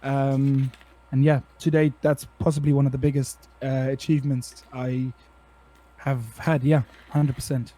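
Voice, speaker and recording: A man's voice: mid-range voice, little pitch movement, a little slow, dark tone. A young South African man with a South African accent, a streamer chatting casually as a podcast guest, laid-back and slangy, calling people bro.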